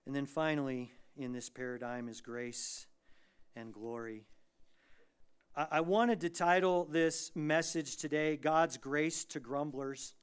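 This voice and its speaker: A man preaching a sermon as pastor, dynamic, moving between hushed lines and loud, emphatic bursts. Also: mid-range voice, clear, resonant tone. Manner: acts out quoted prayers and voices.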